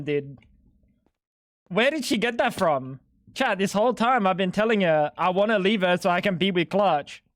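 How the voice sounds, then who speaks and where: Swearing Australian streamer, dry sound. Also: male voice, high-pitched, animated, normal speed, dry recording. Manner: profane, joking, indignant. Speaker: game streamer. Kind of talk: casual gaming stream banter.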